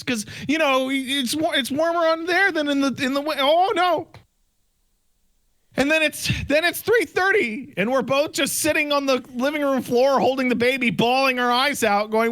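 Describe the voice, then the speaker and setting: A man co-hosting a podcast, telling a story in a casual, animated way and acting out the dialogue himself. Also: very high-pitched, normal speed. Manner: animated, acts out quoted dialogue. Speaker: podcast co-host.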